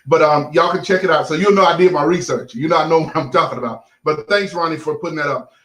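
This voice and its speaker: A middle-aged man with a fairly high voice talks like a pastor chatting with his congregation. He says y'all to the camera, stumbles through fillers and keeps it loose and folksy. The room around him rings with echo. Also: fast, fairly bright tone. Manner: folksy, addresses the audience as y'all, lots of fillers. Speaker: pastor and show host. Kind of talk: casual sermon-like talk to viewers.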